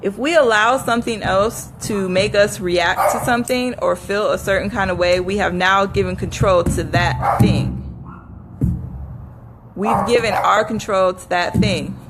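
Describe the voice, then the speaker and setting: A woman hosts a live motivational session, calling out viewers by name, sincerely reciting affirmations, and laughing frequently. She speaks at a medium pitch and a somewhat slow pace over loud music, in poor recording quality.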